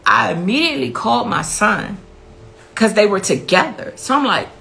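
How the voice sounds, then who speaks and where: Gravelly, bright-voiced grieving mother. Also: medium pitch, expressive, normal speed, low-quality recording. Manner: blunt and impassioned, repeats for emphasis. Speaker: victim's mother telling her story. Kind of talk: personal interview account.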